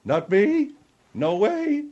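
A man's voice: on the high side, expressive, normal speed, mellow, pitched above the performer's own voice. A man voicing a cranky, opinionated middle-aged regular who rants bluntly and gets worked up easily. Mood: indignant. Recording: dull lo-fi radio sound.

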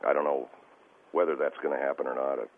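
A male caller on a radio show, talking in a halting, stammering and distressed way over the phone. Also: rumbling low, little pitch movement. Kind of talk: call-in radio conversation. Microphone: telephone. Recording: tinny phone line with faint hiss.

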